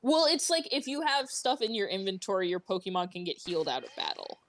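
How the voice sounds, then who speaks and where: A woman co-hosting a casual gaming stream, chatty and quick to laugh, reading out chat. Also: medium pitch, sing-song, slight background noise. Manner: chatty, laughs often, reads chat aloud. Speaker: streamer co-host.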